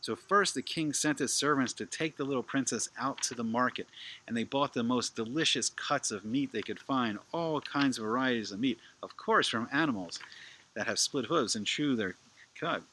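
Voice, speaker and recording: A man narrating a children's story with animated, playful asides to his listeners. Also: medium pitch, normal speed.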